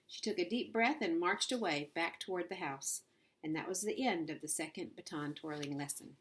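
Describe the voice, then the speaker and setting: Low-voiced woman reading a storybook. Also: moderate pace, fairly bright tone. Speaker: audiobook reader. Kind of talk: reading a children's novel aloud.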